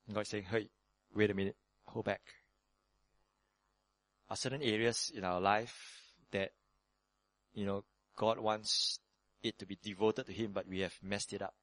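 Delivering an energetic sermon, a pastor breaks into quick, sudden higher-pitched voices as he acts out prayers.

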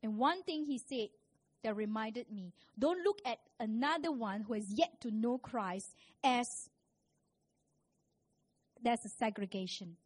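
A woman's voice: on the high side, animated, unhurried, long pauses. Woman preaching a sermon. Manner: storytelling, rising to loud emphatic preaching.

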